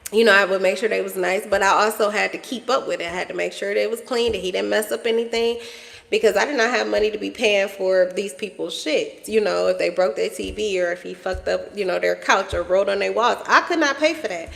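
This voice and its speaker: A woman's voice: mid-range voice, fairly quick, creaky, fairly bright tone, long reverb tail. A woman giving a casual collective tarot reading, chatty and playful, laughing often and swearing freely. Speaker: tarot reader.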